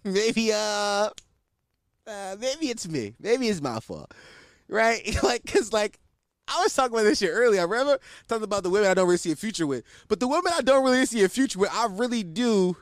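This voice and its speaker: Young man, candid storyteller, profane slang, lively pitch, dry recording. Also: fast, no echo. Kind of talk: casual storytelling.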